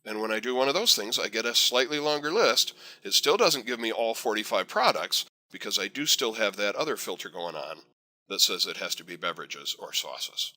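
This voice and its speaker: A man teaching a software tutorial over a screen recording, chatty and encouraging with folksy asides. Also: lowish voice, expressive, brisk. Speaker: software instructor.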